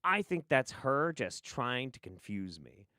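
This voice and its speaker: A man's voice: medium pitch, very animated, a little slow, sharp tone, no echo, clean studio sound. A man doing casual livestream commentary on clips, sarcastic and profane. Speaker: streamer reacting to clips. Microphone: studio mic.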